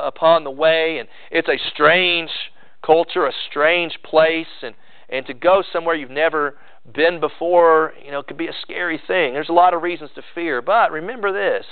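A pastor preaching a sermon earnestly, mixing rising emphasis with conversational asides. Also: male voice, on the high side, smooth, dry recording. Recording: dry tinny phone-like sound.

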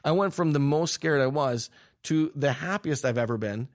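A young man, a filmmaker guest, telling an animated story with laughs and quick restarts. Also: fairly high pitch. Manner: excitable, laughing, restarts mid-sentence.

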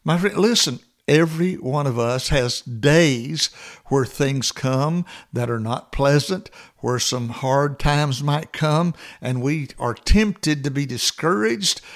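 A man's voice: a little high, takes it slowly. A man preaching a sermon, earnest and exhorting, building to emphatic repeated phrases.

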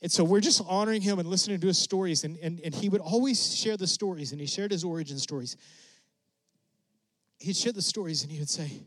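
A middle-aged man preaching a testimony, telling his story with animated leaps up in pitch when excited. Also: fairly quick, dry recording. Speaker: preacher sharing a mission testimony. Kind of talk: sermon storytelling.

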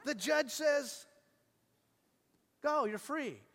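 Middle-aged male pastor, high-pitched, animated storyteller who goes from hushed to shouting, recorded in a reverberant church hall. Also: extremely slow. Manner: animated storytelling, acts out quoted voices, swings from hushed to shouting. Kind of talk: sermon.

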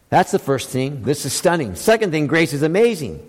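A man preaching a sermon, asking his listeners questions and swinging between loud high emphasis and quiet low passages. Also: sing-song, normal speed, big-room sound, rough recording. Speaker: pastor.

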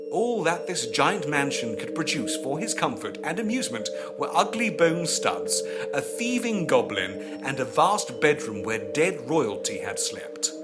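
A man narrating an eerie story as an audiobook, with measured and expressive storytelling. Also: mid-range voice.

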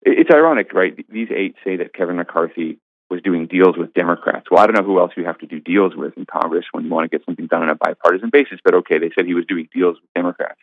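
A man's voice: deep voice, fast, no room sound. A man, a senior editor, giving emphatic, argumentative political commentary in an interview. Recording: tinny phone line.

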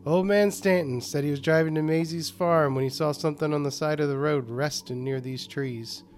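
A man's voice: a little high, normal speed, slight background noise, close to an everyday voice. A man voicing a weary old country sheriff. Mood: grim. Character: weary male rural sheriff in his sixties.

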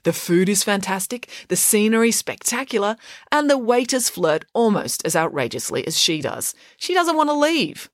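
A woman voices a clever, precise schoolgirl detective, pitching above her own natural voice into a mid-range, very animated delivery at a moderate pace. Crisp and logical, the character deduces step by step, recorded as clean studio sound with no room sound.

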